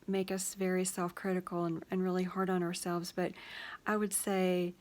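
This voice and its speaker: A woman hosting her own show, gently thinking out loud in a casual, reflective way with many pauses and fillers, sometimes dropping to a soft whisper. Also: medium pitch. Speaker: host of a personal reflection show.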